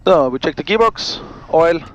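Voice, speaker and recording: A man with a voice a shade higher than usual runs through his preflight checklists, then turns to chat with the viewers. The sound is dull and lo-fi, picked up on an aviation headset. A faint engine hum fills the small cockpit behind him. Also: expressive, moderate pace. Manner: crisp checklist callouts mixed with friendly asides. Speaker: pilot and vlog host. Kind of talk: cockpit vlog with spoken checklists.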